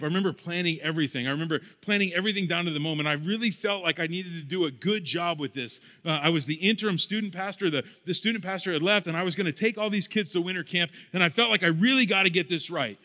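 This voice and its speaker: A man's voice: fairly high pitch, fast talker, pushed and bright. A young adult man preaching a sermon as a pastor, in a conversational, self-deprecating storytelling manner, in a church sanctuary. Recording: long hall reverb.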